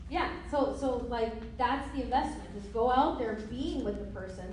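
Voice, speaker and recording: A woman's voice: on the high side, unhurried, a little mellow. A young woman giving a playful motivational business training to a live audience, laughing often and acting out conversations. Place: meeting room with an audience. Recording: very echoey room, mic far off, faint hiss.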